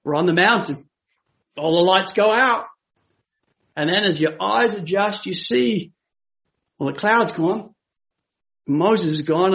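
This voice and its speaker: A man preaching a sermon, moving from hushed storytelling to emphatic, raised scripture quotations. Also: a little high. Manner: dramatic, swings from hushed to emphatic when quoting scripture.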